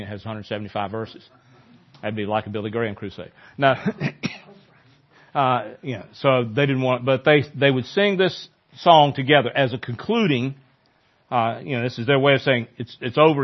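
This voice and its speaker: A male pastor preaching a sermon in a conversational way, growing animated when he quotes scripture. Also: medium pitch, moderate pace, dull audio.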